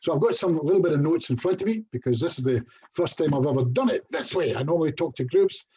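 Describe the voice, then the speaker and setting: A man's voice: a little high, expressive, fast talker, warm tone, husky. A middle-aged Scottish man giving a casual online presentation as a hypnotherapist, chatty and self-deprecating, with little jokes. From Scotland.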